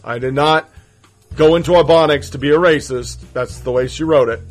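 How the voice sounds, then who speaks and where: A man's voice: on the high side, moderate pace, faint music behind, poor audio. A man giving profane political commentary, sarcastic and swearing a lot.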